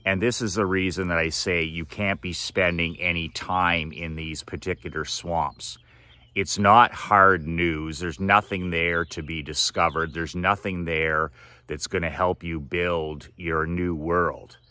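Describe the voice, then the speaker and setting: Motivational speaker, male, deep and forceful, preachy and repetitive, dry close mic. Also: fairly even intonation, unhurried, no echo. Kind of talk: direct-to-camera monologue.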